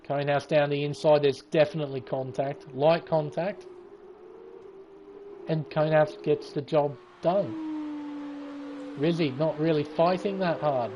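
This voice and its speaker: A man with a high voice commentates a sim-racing league race, excitable and sleepy, cursing and laughing. Loud engine noise from the racing game runs behind his voice. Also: measured pace, pauses often. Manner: excitable, swears, breaks into laughs. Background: racing game car sounds.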